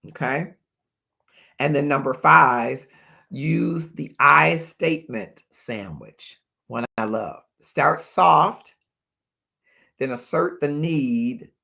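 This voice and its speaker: Man, gravelly voice, live advice host, emphatic, repeats key points. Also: mid-range voice, fairly bright tone. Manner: reads viewer comments and thanks them aloud. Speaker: livestream host.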